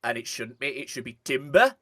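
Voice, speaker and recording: A man's voice: mid-range voice, animated, normal speed, sharp tone, dry recording, studio quality. A man, joking and picking apart in casual chat over a game. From northern England. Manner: critical, joking, commenting on accents. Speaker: streamer co-host.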